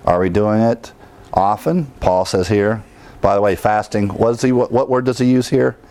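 A man's voice: lowish voice, fairly even intonation, normal speed, darkish tone. A middle-aged man pastor preaching a sermon in a conversational teaching style, chuckling now and then and restarting his sentences.

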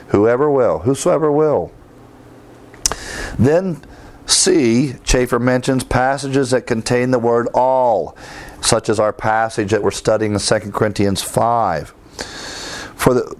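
A man giving a Bible lesson, reading verses aloud with emphasis and adding conversational asides. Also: on the low side. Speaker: Bible teacher. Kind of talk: theology lecture.

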